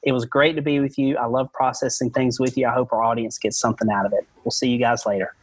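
Husky-voiced man on a church podcast. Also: mid-range voice, steady tone, fast talker, no room sound. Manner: thinks aloud with restarts, earnest. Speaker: podcast co-host advising pastors. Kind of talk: casual podcast chat.

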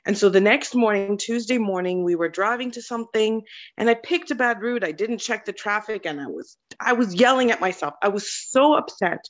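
A woman on a group video call, sharing a story about her young daughter, slowing and softening as she reflects. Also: medium pitch. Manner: warm, slowing and softening when moved. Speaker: group member and mother. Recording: muffled video-call audio.

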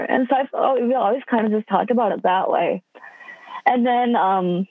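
A woman's voice: fairly high pitch, normal speed. A young woman in her twenties from Wisconsin, a podcast guest telling stories casually, full of "like" fillers. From Wisconsin, USA. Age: 20s. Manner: chatty, lots of "like" fillers. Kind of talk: casual storytelling. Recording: dry phone-line sound.

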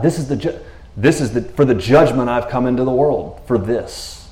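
A man's voice: mid-range voice, moderate pace, roomy sound. A man preaching a casual sermon in a loose, conversational way, laughing often and checking in with his listeners. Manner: conversational, animated, laughs often, keeps saying "you know what I mean".

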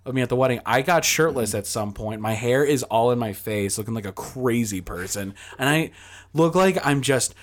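A young man in the middle of a loose, rambling story, mid-pitched and ordinary in tone. He leans hard on fillers and slips into little acted-out bits of dialogue, swearing as he goes. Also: moderate pace. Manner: rambling, filler-heavy, acts out quoted dialogue, swears freely. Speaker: podcast guest. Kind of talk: casual storytelling chat.

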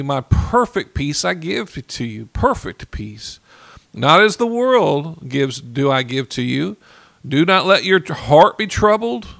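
A man preaching a sermon in an earnest way, repeating key phrases and slowing down to stress them. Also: a little high, gravelly, fairly bright tone, no echo.

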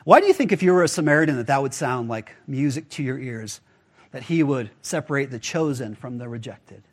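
A man's voice: medium pitch, expressive, brisk. A man pastor giving a casual, conversational sermon, full of rhetorical questions to the congregation.

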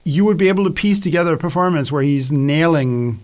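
A man's voice: fairly high pitch, fairly quick. A man planning a film shoot, thinking aloud as he works through ideas. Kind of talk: casual chat.

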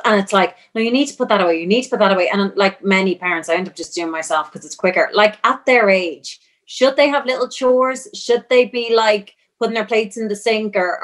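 A woman's voice: medium pitch, fairly bright tone. A woman, a mother asking chatty, self-deprecating questions about parenting. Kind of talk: interview questions.

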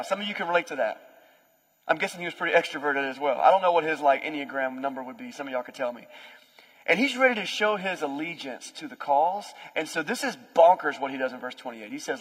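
A young adult man, a pastor, preaching a conversational sermon with lively storytelling. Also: a little high, fast talker, breathy edge. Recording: long hall reverb.

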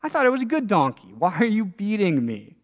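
A wounded, puzzled donkey played by a man in a sermon pleads in a quick, plaintive way. The voice sits high and moves a lot, and a long hall reverb trails after it. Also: wildly swooping pitch. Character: hurt, bewildered talking donkey.

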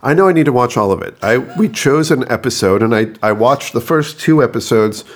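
A man's voice: mid-range voice, lively intonation, fairly quick. A man co-hosting a podcast in casual chat, curious and asking questions, laughing easily. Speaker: podcast co-host.

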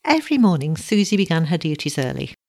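Woman reading a story, lowish voice. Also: very animated, fast talker, a little mellow. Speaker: narrator. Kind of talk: storybook narration.

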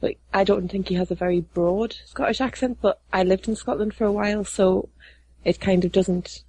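A woman's voice: mid-range voice, steady tone, moderate pace, warm tone, breathy edge. A woman co-host in a casual podcast chat, speaking matter-of-factly.

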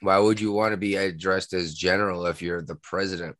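A man's voice: sits low, fairly even intonation, fairly quick, fairly bright tone, no room sound. A man hosting a casual podcast, talking bluntly with crude jokes.

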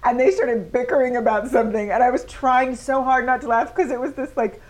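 A woman's voice: on the high side, steady tone, a little fast. A woman co-hosting a podcast, chatting casually and teasing her partner with dry corrections. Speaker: podcast co-host. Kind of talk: casual chat.

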